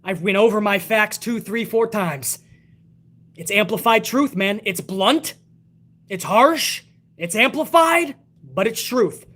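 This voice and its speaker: A man's voice: sits high, takes it slowly. A man hosting a live wrestling talk stream, reading chat messages aloud and ranting bluntly with lots of swearing. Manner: blunt, profane, animated rants. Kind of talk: casual live-stream commentary.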